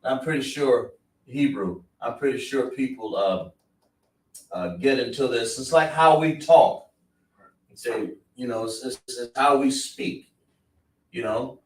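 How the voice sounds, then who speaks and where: A man's voice: mid-range voice, unhurried. A man teaching a class in an emphatic, repetitive, scolding preaching manner, in an indoor classroom. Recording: roomy, distant mic, faint noise.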